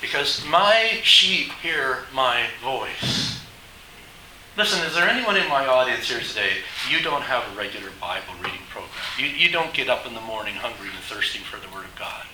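Bright-voiced preacher in an echoey hall. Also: male voice, medium pitch, very animated, fast, few pauses, recorded from a distance, a little hiss or hum. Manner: emphatic, asks the congregation rhetorical questions. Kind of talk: sermon.

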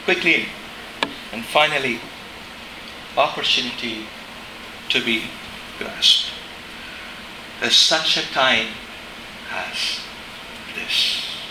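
A middle-aged man preaching a sermon in a chapel, impassioned, dropping to a hush and rising to shouts. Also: medium pitch, very slow, long pauses, roomy sound, noisy background. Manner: impassioned, swings between hushed and shouting.

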